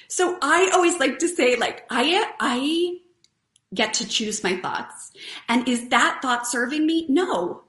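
A woman's voice: high voice, a bit bright. A woman hosting a live stream, giving a casual, earnest motivational talk and chatting with viewers. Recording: roomy echo.

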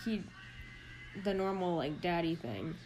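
A woman's voice: on the low side, lively intonation, unhurried, a little mellow, a little hiss or hum, low-quality recording. A woman co-hosting a casual podcast who talks hesitantly, with many fillers, and often reacts to her partner. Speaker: podcast co-host.

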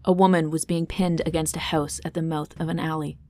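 Woman narrator, low voice, dramatic fantasy storytelling, faint guitar behind. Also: little pitch movement, fairly quick, dark tone. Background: faint guitar music.

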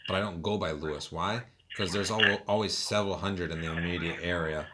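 Very deep-voiced joking man. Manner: joking, quick banter. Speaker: podcast co-host. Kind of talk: casual chat. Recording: noisy background hiss.

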